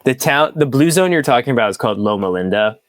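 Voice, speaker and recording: A man's voice: mid-range voice, expressive, quick pace, no room sound. Young male co-host, earnest debater, dry close-mic sound. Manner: earnest, argues with mock statistics. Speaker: podcast co-host. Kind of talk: casual debate chat.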